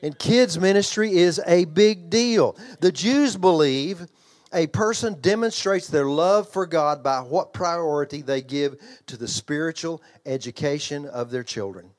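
An older man, a pastor who also trains children's ministry workers, preaches a sermon in a fairly high, unhurried voice. His delivery is emphatic yet conversational, full of repeated phrases, restarted lines, and questions put to the congregation.

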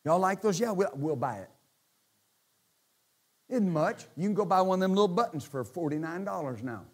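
Animated pastor preaching a sermon. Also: male voice, high-pitched, normal speed, slightly rough. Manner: animated, joking, swings from quiet to shouting.

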